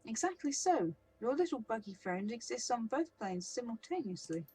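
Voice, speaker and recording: A woman doing a flamboyant male elf from a role-playing game, theatrical and mocking, with a high, lilting, sing-song voice. He lectures with relish and swoops up the scale on his big words. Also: big pitch swings, moderate pace, darkish tone, breathy edge, poor audio. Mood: lecturing.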